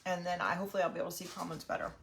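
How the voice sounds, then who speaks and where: A woman's voice: on the low side, rapid-fire, vocal fry, a little hiss or hum. A middle-aged woman hosting a craft livestream, chatting casually and greeting viewers while snacking. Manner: chatty and friendly, talks while eating.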